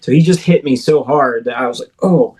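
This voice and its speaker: Speaking quickly in a mid-range, somewhat mellow voice, a thirtysomething interviewee tells a personal story with vivid detail, repeatedly stopping and restarting. The recording is of low quality.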